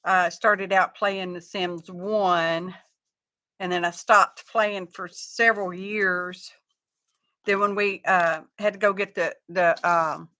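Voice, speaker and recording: A woman hosts a crafting live stream in an unhurried, drawn-out way. Her voice is bright and forward as she chats to viewers. She teases herself and talks her way through every fold and score. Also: medium pitch. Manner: chatty, self-deprecating, talks through her crafting steps. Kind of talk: casual craft livestream chat.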